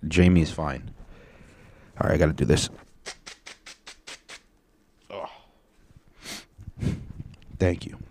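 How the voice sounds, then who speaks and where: A comedian talking casually to camera, rambling and joking with plenty of swearing. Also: male voice, sits low, darkish tone. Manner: profane, rambling, jokey.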